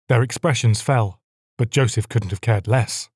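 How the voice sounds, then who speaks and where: Male audiobook narrator, mid-pitched, even delivery, very dry close-miked sound. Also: moderate pace, slightly rough, no echo.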